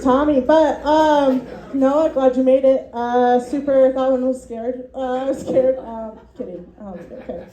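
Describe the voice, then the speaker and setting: A woman's voice: on the high side, warm tone, reverberant, low-quality recording. A woman doing a rambling, self-deprecating stand-up set at a student showcase, full of ums and little laughs, as the class's comedy teacher.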